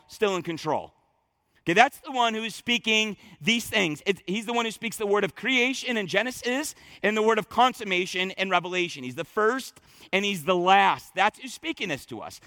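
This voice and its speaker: A man's voice: high-pitched, pushed and bright, no room sound. A man preaching a sermon as pastor, emphatic and repeating words as he presses each point.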